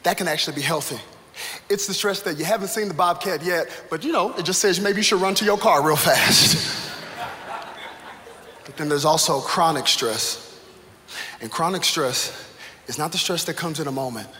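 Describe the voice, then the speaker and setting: A male pastor in his thirties preaching a sermon, telling a funny story with animated energy that builds to excited shouts. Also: a little high, normal speed, pauses often. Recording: echoey hall, live room ambience.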